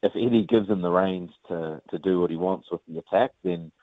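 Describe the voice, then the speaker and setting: A man's voice: low voice, fairly quick, dry recording. A man with a New Zealand accent, a rugby player chatting casually in an interview, rambling with lots of fillers and calling the host mate. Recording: phone-line audio.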